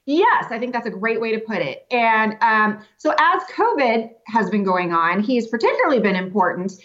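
A woman's voice: fairly high pitch, very animated, moderate pace, fairly bright tone, dull audio. A woman guest in an interview, explaining a topic step by step with light fillers. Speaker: guest reporter.

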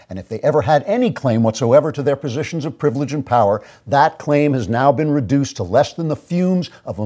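A man's voice: mid-range voice, a little mellow. A man hosting his own show, delivering a sarcastic, mock-grandiose commentary monologue. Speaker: host.

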